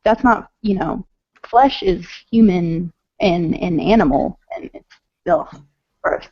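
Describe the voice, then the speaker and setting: A woman's voice: fairly low pitch, slow pace, breathy edge, no echo. A woman in casual chat, agreeable and chiming in. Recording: dull lo-fi sound.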